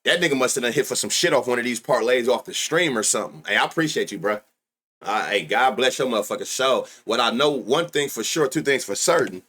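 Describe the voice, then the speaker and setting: A man hosting a sports betting livestream, chatting casually with loud excitable outbursts and heavy slang. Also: mid-range voice, a little fast, husky. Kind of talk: casual live-stream chat.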